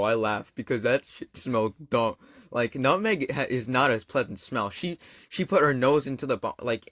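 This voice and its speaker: A young man rambles through a storytime in a mid-pitched, everyday voice. He talks in slang, full of "like" and "you know". The recording is close and dry. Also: fairly bright tone, no room sound. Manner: rambling and slangy, many fillers. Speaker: gaming channel storyteller. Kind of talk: casual storytime over gameplay.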